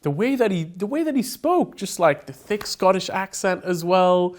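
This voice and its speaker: A man's voice: sits high, sing-song, moderate pace. A man hosting a travel vlog, chatting casually and hyping things up with enthusiasm. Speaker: show host.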